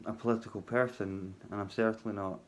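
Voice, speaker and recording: A man talking casually to his viewers from his hotel workplace at night, halting and full of ums, with a wry sense of humour. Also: lowish voice, steady tone. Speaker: vlogger. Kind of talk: casual spoken vlog.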